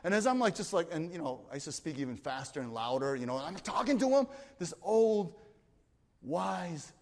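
Male pastor with a high-ish voice, animated storyteller, recorded with a long hall echo. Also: moderate pace. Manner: animated, jumps between loud excitement and quiet asides. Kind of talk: storytelling sermon at a youth retreat. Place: retreat meeting hall. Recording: long reverb of a large hall.

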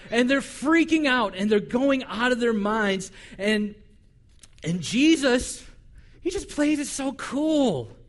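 A man pastor delivering a sermon, telling the story in an animated, conversational way. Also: very high-pitched, slow pace.

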